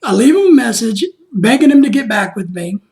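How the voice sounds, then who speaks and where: A man's voice: extremely high pitch, expressive, brisk, darkish tone. A man hosting a vlog, casually recounting an exasperating week with lots of reenacted phone calls. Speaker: vlog host.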